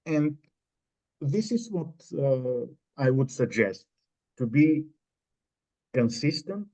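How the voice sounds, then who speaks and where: A man presenting at a conference, answering an audience question in a measured, explanatory way with many pauses. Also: medium pitch, animated, dark tone. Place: conference room. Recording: dull lo-fi recording.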